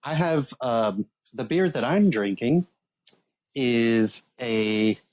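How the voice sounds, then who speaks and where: Easygoing man, mid-pitched podcast chat. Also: slow pace, darkish tone, low-quality recording. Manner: easygoing, with fillers. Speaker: podcast co-host. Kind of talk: casual chat.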